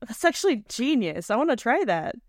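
A woman co-hosting a podcast, chatting casually with giggly, quick reactions. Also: a little high, big pitch swings, dry recording, clean studio sound. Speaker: podcast co-host. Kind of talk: casual chat.

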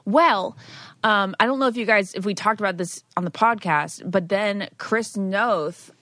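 A woman's voice: medium pitch, measured pace, fairly bright tone, no room sound. A woman co-hosting a podcast, chatting casually with friends in a giggly, gushing way, full of "like". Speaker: podcast co-host. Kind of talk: casual chat.

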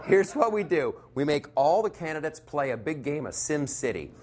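A middle-aged man performing a stand-up comedy set, animated and mocking, slipping into quick impressions. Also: a little high.

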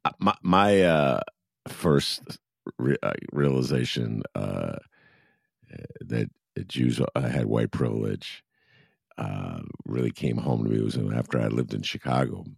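A man's voice: very deep voice, slow, gravelly, breathy edge, no room sound, clean studio sound. A man hosting an interview, laughing easily and talking with many fillers and restarts. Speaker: interview host. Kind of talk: conversational interview.

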